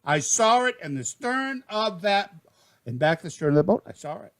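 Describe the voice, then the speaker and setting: An older man with a Maine accent tells a rambling comic tall tale in excitable folksy slang. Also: high-pitched, normal speed. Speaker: storyteller.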